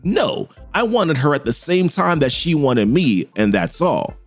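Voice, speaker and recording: A man voicing a reserved king who speaks in a measured, formal way. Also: a little high, sing-song, soft background music.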